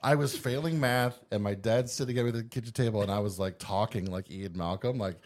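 A man with a low voice trades loose stories on a podcast. He gets excited and laughs through his anecdotes, slipping into impersonations when he quotes people. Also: a little fast. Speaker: podcast guest. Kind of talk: casual podcast chat.

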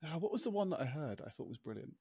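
A man's voice: fairly high pitch, very animated, quick pace, dark tone, slightly rough, no echo. A man, co-hosting a casual podcast chat, talking loosely and laughing often while he reads things out. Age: 30s. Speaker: podcast co-host.

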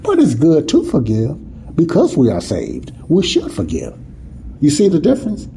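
A man's voice: fairly high pitch, huge pitch swings, normal speed, creaky, mellow, slight background noise, poor audio. A man teaching the Bible in an informal sermon, talking casually with folksy grammar and often asking if listeners see what he's saying. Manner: repetitive, keeps asking "you see what I'm saying?".

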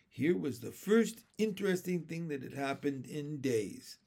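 A man's voice: on the high side, animated, unhurried, gravelly, mellow. Man reading a children's story. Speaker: narrator. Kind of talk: audiobook narration.

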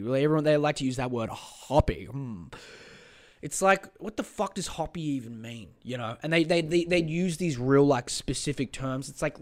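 A man's voice: on the high side, moderate pace. Sweary man ranting. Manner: sweary, exasperated, rambling. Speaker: podcast host. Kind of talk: casual rant.

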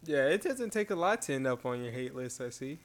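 A man's voice: mid-range voice, big pitch swings, brisk. A young man talking in a casual chat, laid-back and teasing, laughing easily.

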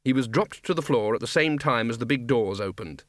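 A man reading a comic fantasy audiobook in a dry, measured storytelling manner. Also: medium pitch, expressive, no room sound. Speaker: audiobook narrator. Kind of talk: scripted narration.

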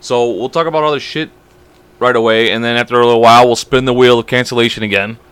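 Young male podcast host; fast, bright, crude storyteller, close dry mic. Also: medium pitch, clean tone, no echo. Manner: fast, animated storytelling with lots of swearing. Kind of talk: casual podcast chat.

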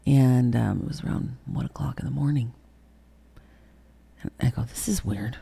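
A woman's voice: very deep voice, fairly even intonation, moderate pace, gravelly, warm tone, breathy edge. A woman in her sixties, an interview guest telling a candid personal story, acting out past conversations and often sinking to a whisper. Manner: reenacts conversations, dropping into whispers.

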